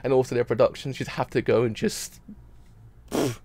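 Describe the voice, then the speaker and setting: A man's voice: mid-range voice, steady tone, moderate pace, a little mellow. A man reacting to an anime episode in a casual stream, rambling and repeating himself while crying. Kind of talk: emotional casual reaction talk.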